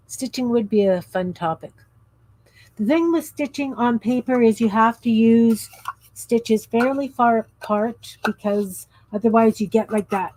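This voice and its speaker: A woman's voice: fairly high pitch, no echo. A woman in her fifties hosting a craft livestream, chatting casually in a rambling, easily sidetracked way. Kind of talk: casual chat while crafting.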